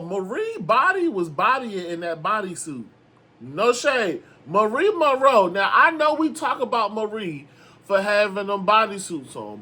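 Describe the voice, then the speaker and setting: A young man giving sassy, animated casual commentary as a reality TV recap host, with sudden dramatic outbursts. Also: high-pitched, husky.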